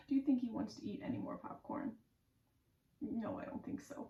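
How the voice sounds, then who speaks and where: A woman reading a picture story aloud to preschoolers at a library, in a sing-song, animated way that invites the children to join in. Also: on the high side, moderate pace, creaky, reverberant, a little hiss or hum. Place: library room.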